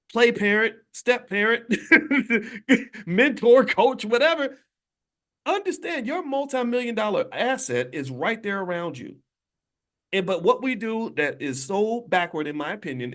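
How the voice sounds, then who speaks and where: Over a phone livestream from a hotel room, a middle-aged man with a high-pitched voice teaches economics to a live online audience. His delivery is emphatic and preachy, packed with rhetorical questions and swinging between loud and quiet.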